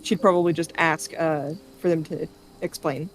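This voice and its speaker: A woman playing a tabletop game, describing her character slowly and hesitantly. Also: low voice, steady tone, slight background noise, low-quality recording. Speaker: player. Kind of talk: tabletop role-play.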